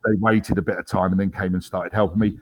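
A man's voice: deep voice, fairly even intonation, quick pace. A man in his fifties, an army veteran guest, telling his story in a casual interview with wry humour and many ums and restarts.

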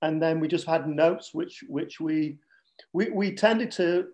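A middle-aged man with a Manchester accent chats on the radio as a guest. He talks in a jokey, lively way and defends himself with a laugh. His voice sits a little high for a man. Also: measured pace. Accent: Northern English, Manchester. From Northern England. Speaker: podcast co-host, guest. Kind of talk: casual radio chat.

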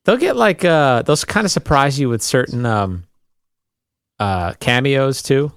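An easygoing man co-hosts a podcast, searching for words with frequent ums. His voice sits in a middle pitch, recorded close and dry. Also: lively intonation, unhurried, fairly bright tone, clear, resonant tone, no echo. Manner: easygoing, hesitant with many ums. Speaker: podcast co-host. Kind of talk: casual chat.

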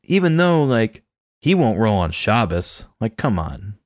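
Man, deep voice, lively swings in pitch, dry close sound, casual chat, animated. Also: a little slow, no echo. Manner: animated, laughs often, acts out quoted lines. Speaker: film podcast co-host.

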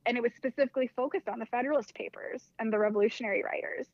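A woman, fairly high-voiced, tells a personal story in relaxed conversation. She speaks animatedly, peppers her sentences with "like" and slips into the voices of the people she quotes. The sound is dry and close, with a dull, lo-fi band. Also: rapid-fire, no room sound. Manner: animated, acts out quoted dialogue, heavy use of "like". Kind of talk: casual storytelling chat.

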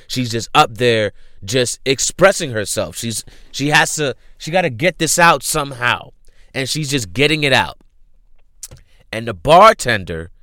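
A young man casually retelling a show's plot, animated, acting out the characters' lines with lots of slang and swearing. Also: medium pitch, no room sound, clean studio sound.

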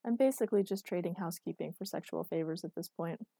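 A woman voicing a dry, patient, exasperated boyfriend with a deadpan delivery. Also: lowish voice, fast talker, dry recording.

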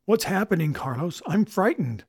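Casting: man doing a young fiancée, high and breathless with alarm, dry sound. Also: very animated, drawn-out words, husky, dry recording, full character voice. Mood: frightened. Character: young woman, frightened sailor's fiancée.

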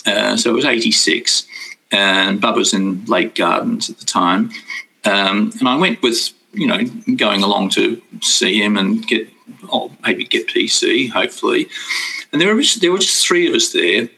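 A man's voice: on the low side, a little slow, vocal fry, bright, forceful tone, rough recording. An older man casually recalling personal spiritual experiences, rambling and self-interrupting, chuckling often.

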